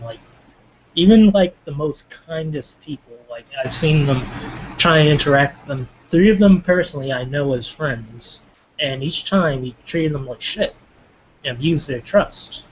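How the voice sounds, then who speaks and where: A man's voice: on the high side, measured pace. A man in a casual online group discussion who talks loosely and fills his speech with "like". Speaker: hangout participant. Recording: dull lo-fi call audio with faint background noise.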